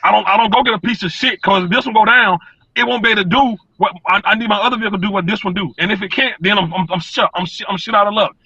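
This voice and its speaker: A man weighs in on a fan panel from inside his truck, blunt and cursing freely as he stumbles over repeated words. His voice is high, bright and husky. It comes through a dry, dull, lo-fi call line. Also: rapid-fire, dry recording. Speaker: sports podcast panelist. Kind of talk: casual sports talk.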